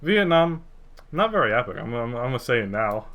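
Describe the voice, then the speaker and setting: A man's voice: medium pitch, big pitch swings, a little fast, dull audio. A young man co-hosting a podcast in a casual, rambling chat, cursing freely. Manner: rambling, laid-back, swears freely. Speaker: podcast co-host.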